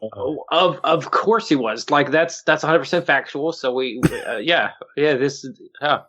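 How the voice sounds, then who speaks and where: A man's voice: a little high, moderate pace, fairly bright tone, lo-fi sound. A man hosting a podcast in casual chat, crude and irreverent, often laughing. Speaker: podcast host.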